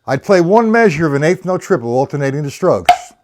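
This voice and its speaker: A man's voice: a little high, very animated, brisk, a little mellow. An older man giving a casual, rambling live-streamed drum lesson, counting beats aloud as he explains technique. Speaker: drum teacher.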